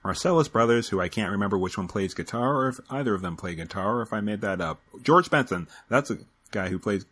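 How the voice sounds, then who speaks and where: A man's voice: fairly low pitch, animated, quick pace, a bit bright, breathy edge. A man co-hosting a casual music podcast, musing in a rambling, hesitant way. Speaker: podcast co-host.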